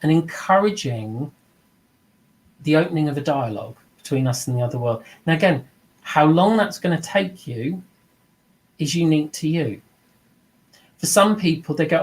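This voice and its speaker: A man's voice: on the high side, lively intonation, moderate pace, long pauses, rough recording. A middle-aged man giving an informal spoken lesson as a mediumship teacher, earnest and reflective, slipping into the voices of people he quotes.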